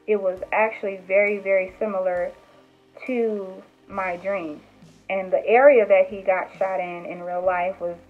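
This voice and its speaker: A young woman vlogger telling a personal story in a casual, animated way, with lots of "like" and "um" and acted-out quotes. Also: medium pitch. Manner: animated retelling with acted quotes, many fillers. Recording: tinny phone-like sound with faint music.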